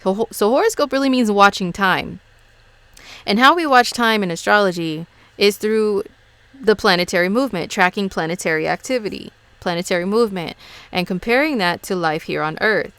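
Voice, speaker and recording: A woman with a husky morning voice, talking casually and frankly to camera about astrology, full of fillers and slang. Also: mid-range voice, lively intonation, moderate pace, fairly bright tone, no room sound. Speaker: astrology YouTuber.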